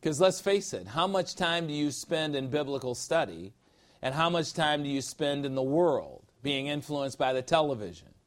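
A man teaching a sermon-style Bible lesson, reading scripture slowly and adding emphatic, jokey asides. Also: a little high, animated.

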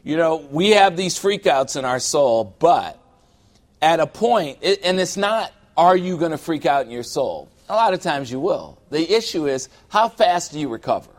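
A man's voice: on the high side, very animated, normal speed. A middle-aged man preaching a sermon as a pastor, conversational and humorous, acting out little scenes from everyday life.

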